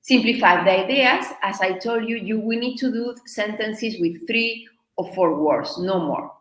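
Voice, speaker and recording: A woman who is a native Spanish speaker and a Spanish teacher, explaining learning tips in a lively, emphatic way with punchy "boom" accents. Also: measured pace, echoey room, low-quality recording.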